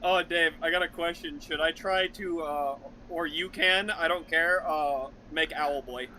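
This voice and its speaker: A man playing a tabletop game with friends on a voice call, excitable and crude, often laughing. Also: a little high, a little slow, slight background noise, poor audio. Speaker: player. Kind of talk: casual gaming chat.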